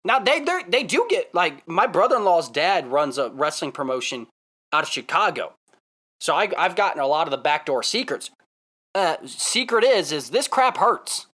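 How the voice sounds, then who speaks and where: A man vlogging casually, telling a story in an excitable, emphatic way and repeating himself for effect. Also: on the high side, moderate pace.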